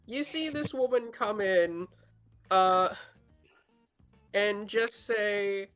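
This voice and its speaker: A woman running a tabletop game as game master, narrating with frequent fillers and pauses. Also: mid-range voice, soft background music. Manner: lively, halting, fillers.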